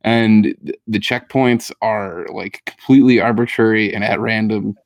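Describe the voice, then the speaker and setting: A man with a low, gravelly voice chats casually on a gaming podcast. He rambles a bit, circling back with ums and restarts. The sound is dry and close. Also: steady tone, normal speed, no room sound. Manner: rambling, lots of fillers and restarts. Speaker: podcast co-host.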